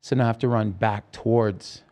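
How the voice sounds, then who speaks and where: A man's voice: lowish voice, steady tone, moderate pace, a little mellow. A man, a podcast guest, telling a personal story in an interview, vividly and intensely, acting out quoted dialogue.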